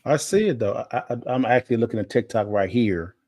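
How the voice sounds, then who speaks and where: A man co-hosting a live stream, talking casually and telling stories in a relaxed, animated way. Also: mid-range voice, a little fast, no room sound. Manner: relaxed storyteller, animated when retelling. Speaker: co-host.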